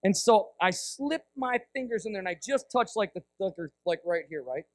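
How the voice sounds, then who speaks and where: A guest preacher whose voice sits high tells a vivid story at a moderate pace, with no echo on the recording. It's a storytelling sermon full of animation and acted-out voices, punctuated often by "right?"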